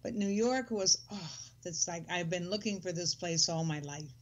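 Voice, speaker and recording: A woman's voice: fairly low pitch, moderate pace. An older woman in casual conversation, reflective and easygoing. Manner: reflective, with soft laughs. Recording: dull muffled sound.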